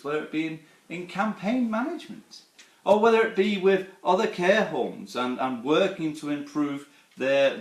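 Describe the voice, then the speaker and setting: A man giving a live online presentation, earnestly telling a story and asking his audience rhetorical questions. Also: on the high side. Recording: roomy echo.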